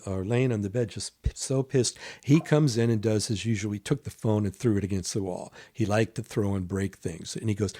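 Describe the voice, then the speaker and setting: A man telling a long personal story in casual conversation, acting out what others said and dropping to near whispers for asides. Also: mid-range voice. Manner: animated storyteller, acts out quoted voices. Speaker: guest.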